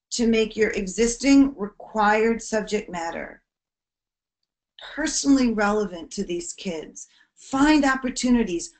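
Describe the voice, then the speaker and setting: In a voice on the high side, a woman earnestly instructs teachers on bullying prevention. Serious points bring a softer, quieter tone.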